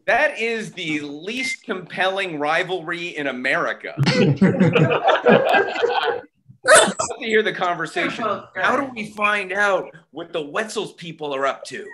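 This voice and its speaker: A man's voice: high-pitched, lively intonation, a little slow, very noisy. A man doing a self-deprecating, rambling stand-up set from his home over a video call, with chatty asides. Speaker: stand-up comedian.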